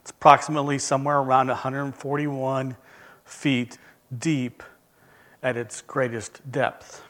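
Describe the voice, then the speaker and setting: A man preaching a sermon, measured and earnest, leaning on key words with emphatic pauses. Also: mid-range voice, a bit bright.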